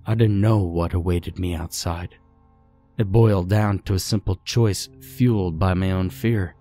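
A man's voice: steady tone, unhurried, warm tone, soft background music. A man voicing a sad, resigned ghost woman who speaks in a tired, heavy way. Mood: weary. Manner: tired, heavy, low-voiced.

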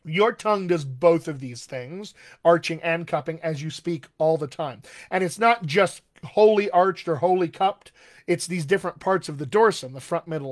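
Man coaching accents, slow drills. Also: a little high. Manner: demonstrative, slows right down for drills and repeat-after-me text; chatty and encouraging with fillers. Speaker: dialect coach. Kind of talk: live-streamed voice and accent lesson.

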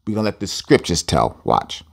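A man leads a scripture lesson in an emphatic teaching voice. He repeats key phrases for stress and speaks straight to his listeners as family. His pitch rises and falls in lively swings. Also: fairly quick, creaky, slightly rough. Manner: addresses listeners directly as family. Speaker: Bible teacher.

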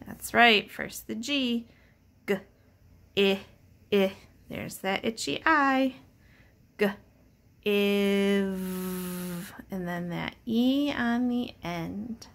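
Very slow, bright-voiced teacher woman. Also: medium pitch, vocal fry. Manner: patient, encouraging, sounds out letters slowly. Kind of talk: slow, clear early-reading lesson.

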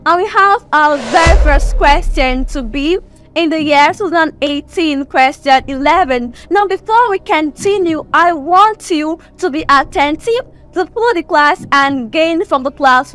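A woman from Nigeria tutoring exam students on vowel sounds in a recorded online lesson, slowly repeating and drawing out each word. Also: high-pitched, a bit bright, soft background music. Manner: slow, repetitive teaching, drawing out and repeating words.

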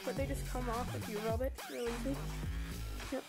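A woman's voice: fairly high pitch, fairly even intonation, fairly quick. A congested young woman casually reviewing a graphics tablet and showing how she draws, chatty and rambling with many fillers. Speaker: product reviewer. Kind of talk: casual product review and drawing demo. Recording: music playing behind the voice.

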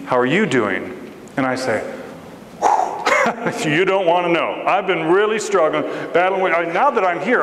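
A man preaching a storytelling sermon as guest preacher, animated and acting out the voices in his story. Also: echoey room, big-room sound, noisy background. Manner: animated, acts out voices with big pitch jumps. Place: church sanctuary.

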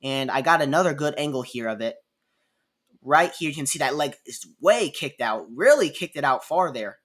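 A man's voice: a little high, animated, moderate pace, fairly bright tone. A man casually commentating over basketball game clips, chatty and repeating himself as he walks through replays. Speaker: sports commentator.

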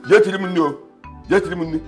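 A man's voice: sits high, racing, soft background music, lightly acted. An actor with a Nigerian accent playing a middle-aged father in a film drama who mocks and blusters. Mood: bossy. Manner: mocking, blustering. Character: scornful older father demanding his food. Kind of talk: Nollywood film acting.

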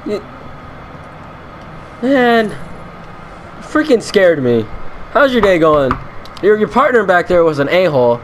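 High-voiced, slow-talking male gamer. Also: sing-song, a little hiss or hum. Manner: jokey, talks to game enemies, laughs often. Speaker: let's play gamer. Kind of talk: casual gameplay commentary.

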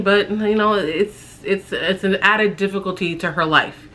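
Bright-voiced young woman telling a story. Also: lowish voice. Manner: halting, reflective, with many fillers and restarts. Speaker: vlogger telling her pregnancy story. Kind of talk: casual storytime chat.

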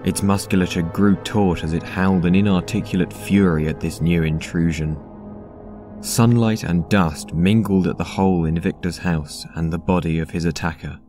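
Deep-voiced man narrating a dark story. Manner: measured, even storytelling. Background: synth music.

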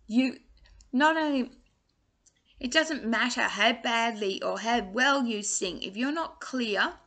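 Older female singing teacher in her sixties, bright tone, unhurried deliberate explaining. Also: on the high side. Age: 60s. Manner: slow, deliberate explaining with restarts. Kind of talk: online singing lesson.

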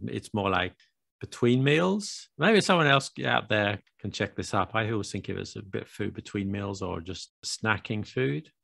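A man's voice: on the low side, lively intonation, normal speed, gravelly, fairly bright tone, dry recording, studio quality. A British man co-hosting a podcast in casual chat, playful and teasing, with self-mocking asides. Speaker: podcast co-host.

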